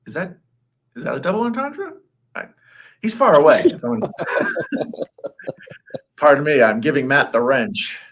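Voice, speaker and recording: A man co-hosting a casual livestream, reading viewer comments aloud and joking, with sudden jumps up in pitch. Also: huge pitch swings, a bit bright, husky. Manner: jokey, reads comments aloud, quick laughs and pitch jumps. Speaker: co-host reading live chat.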